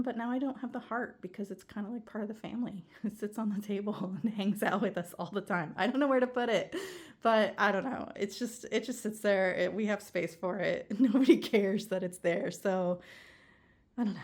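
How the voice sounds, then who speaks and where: A woman's voice: mid-range voice, a little mellow. A woman, chatting casually in a home vlog from her kitchen, rambling with fillers and a little out of breath. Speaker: vlogger. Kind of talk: casual chat. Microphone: handheld phone camera.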